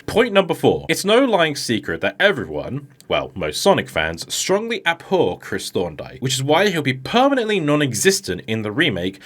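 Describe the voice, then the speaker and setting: A man's voice: mid-range voice, a bit bright. A man giving unscripted comedic commentary, swearing and mocking, often putting on voices to act out quoted lines. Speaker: YouTube commentator.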